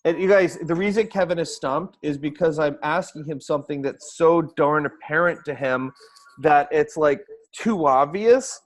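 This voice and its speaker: A man with a fairly high voice coaches over a video call. He is excitable and keeps hammering the same rhetorical questions in an energetic live-stream style. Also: moderate pace. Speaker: host and speaking coach.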